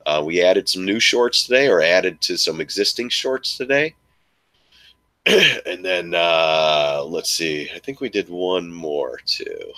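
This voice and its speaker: A man hosting a casual live stream about stock trading, rambling with repeated words and restarts, sometimes yelling in a mocking high voice. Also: takes it slowly, no room sound. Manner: mocks frustrated traders in a shrill yelling voice.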